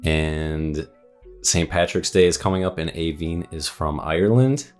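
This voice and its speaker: A woman hosting a casual interview, relaxed and using fillers like "um" and "like". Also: rumbling low, a little slow, faint music behind. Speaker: host.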